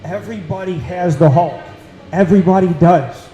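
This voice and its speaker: A man's voice: high voice, moderate pace, lo-fi sound, a crowd in the background. A man hosting a casual talk show with a Central New York accent, speaking in an earnest, emphatic way and repeating phrases for weight. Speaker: podcast host. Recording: echoey room.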